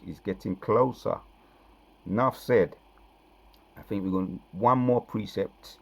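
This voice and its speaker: Brief: deep, gravelly male preacher, reads verses slowly, punches points with "right, man?". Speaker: scripture teacher. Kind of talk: preaching scripture commentary.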